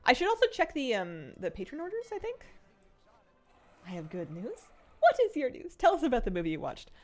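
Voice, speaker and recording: A woman's voice: on the high side, wildly swooping pitch, a little fast. A young woman streaming a game, chatting casually in a rambling way and laughing often. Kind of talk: casual chat while gaming.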